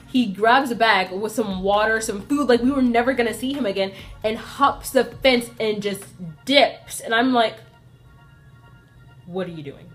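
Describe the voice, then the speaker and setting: A young woman vlogger casually telling a story, chatty and animated, acting out the lines of the people in it. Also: medium pitch. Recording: faint music playing behind.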